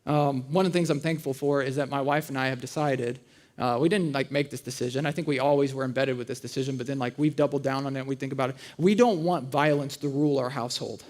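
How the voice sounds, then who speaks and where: A man's voice: mid-range voice, steady tone, quick pace, darkish tone. A man in his thirties preaching a conversational sermon, telling funny family stories and acting out voices. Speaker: pastor. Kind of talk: sermon with storytelling. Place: church auditorium.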